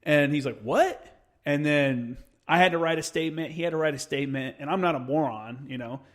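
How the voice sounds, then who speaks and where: A man's voice: on the high side, fairly quick. A man in his thirties, a military veteran, telling a war story in casual podcast chat, swearing freely and acting out the quotes. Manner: profane, animated storyteller who acts out quotes.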